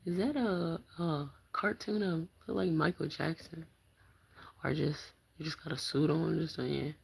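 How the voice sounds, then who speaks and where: A woman's voice: deep voice, a little slow, creaky, slightly rough. A woman chatting casually on a live stream while packing up her bedroom, greeting viewers and praising God. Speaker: vlogger.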